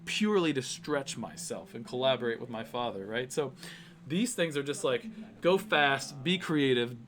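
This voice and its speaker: A man's voice: medium pitch, animated, moderate pace. Rambling, heartfelt man on a livestream. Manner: rambling, heartfelt, many fillers and restarts. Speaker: artist livestreaming his work. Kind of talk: casual livestream chat.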